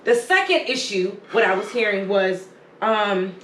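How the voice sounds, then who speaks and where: A woman's voice: medium pitch, lively intonation, a little slow, fairly bright tone, slight background noise. A woman co-hosting a podcast, talking bluntly and emphatically with plenty of swearing in a heated casual discussion. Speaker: podcast co-host. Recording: echoey room with faint ambience.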